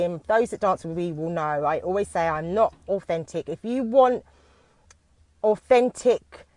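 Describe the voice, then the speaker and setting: A British woman, speaking on a live video from her parked car, comes across nervous and keeps restarting her sentences. Her voice sits at a middling pitch, and the sound is dry and close with no room echo. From United Kingdom. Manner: nervous, halting, many restarts. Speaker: dance teacher.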